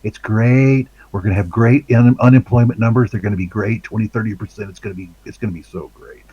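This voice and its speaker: A boastful male politician brags over and over about how great everything is, as a man puts him on. The voice is pitched higher than the speaker's own and sounds husky. It sits dry and close to the mic. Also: fairly even intonation, quick pace, no room sound, muffled recording. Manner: boastful, repetitive bragging. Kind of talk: satirical impression in podcast banter.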